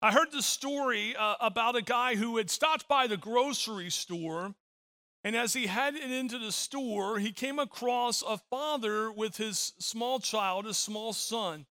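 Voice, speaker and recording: Bright high-voiced storytelling pastor, a man. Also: measured pace. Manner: storytelling with frequent repeated words. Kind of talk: sermon.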